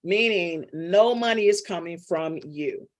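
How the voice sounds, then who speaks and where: A woman's voice: fairly low pitch, unhurried. Middle-aged woman coach, playful, calls on class members by name during a live lesson. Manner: chatty, teasing, calls on students by name. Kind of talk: casual live online class.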